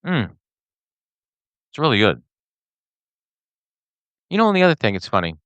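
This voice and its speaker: A man with a clear, resonant mid-range voice, speaking at normal speed, hosts a podcast and rants casually to camera by himself, animated and rambling with many fillers and restarts. The audio has no room sound, and the highs are cut off.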